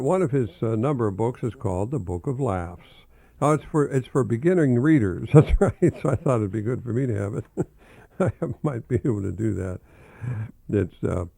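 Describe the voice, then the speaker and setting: Chuckling older man with a gravelly voice. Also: lowish voice, mellow, no room sound. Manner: chuckling, rambling, fond storytelling. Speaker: professor and radio host. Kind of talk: informal radio commentary reading jokes aloud.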